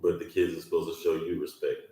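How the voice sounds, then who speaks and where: A man's voice: rumbling low, little pitch movement, quick pace, warm tone. A man co-hosting a podcast, talking in a blunt, profane, combative way in casual chat. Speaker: podcast co-host. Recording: echoey room, mic far off.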